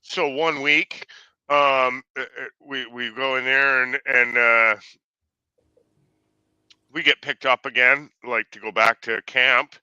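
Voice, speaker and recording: Very bright-voiced swearing man. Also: medium pitch, clear, resonant tone, no room sound, lo-fi sound. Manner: swearing, filler-heavy storyteller. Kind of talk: casual chat.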